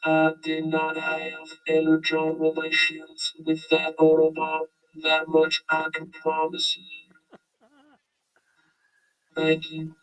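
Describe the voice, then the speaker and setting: A man voicing a male robot with a southern drawl, in a flat, mechanical comedic impression. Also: fairly high pitch, takes it slowly, pauses often, faint music behind, pitched below the performer's own voice, low-quality recording. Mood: mock solemn.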